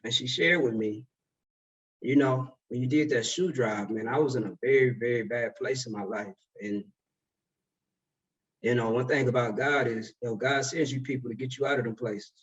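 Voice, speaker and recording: A man's voice: medium pitch, slightly rough, recorded from a distance, dull audio. A man in his twenties telling a story in a casual, slangy way as a speaker at a summit. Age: 20s. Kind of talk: motivational talk.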